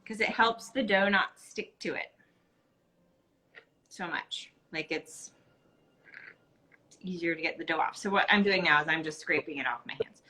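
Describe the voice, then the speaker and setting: A woman's voice: fairly low pitch, normal speed, long pauses, bright, forceful tone, rough recording. A tired woman explaining step by step how she bakes, chatting casually on a live stream. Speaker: baker showing a recipe.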